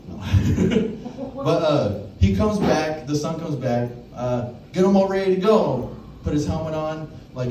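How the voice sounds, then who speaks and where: A young man doing open mic stand-up, telling a crude story with loud acted-out quotes. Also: fairly high pitch, expressive, a little slow, a little hiss or hum. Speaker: stand-up comedian. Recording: echoey room, mic heard from a distance.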